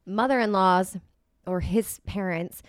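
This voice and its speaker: A woman's voice: medium pitch, a little slow, no room sound, studio quality. A young woman co-hosting a podcast, chatting casually and acting out little quotes as she talks. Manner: chatty, animated, full of acted-out quotes. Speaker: podcast co-host. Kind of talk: casual chat about wedding planning.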